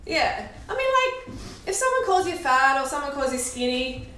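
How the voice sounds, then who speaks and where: A woman's voice: sits high, very animated, moderate pace, bright, forceful tone, a little hiss or hum. A woman vlogger chatting to camera in a casual, opinionated way, often laughing. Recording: echoey room, voice from a distance.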